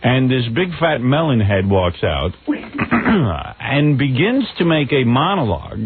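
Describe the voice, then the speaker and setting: A man's voice: medium pitch, wildly swooping pitch, slow pace, vocal fry, a crowd in the background. A man in his forties hosting a radio talk show, blunt and mocking, stammering through restarts. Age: 40s. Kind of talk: casual radio chat. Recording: tinny narrow radio broadcast.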